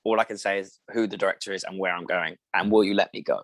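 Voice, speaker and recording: A man's voice: deep voice, fast, dry recording. A young man, an actor from England, chatting as a podcast guest and telling anecdotes with acted-out quotes. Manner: animated storyteller, acts out quoted voices. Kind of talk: casual interview chat.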